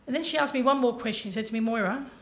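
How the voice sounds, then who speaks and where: A woman's voice: a little high, racing. A woman giving a motivational talk to a conference audience, telling her story earnestly and speaking directly to the listeners. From Ireland.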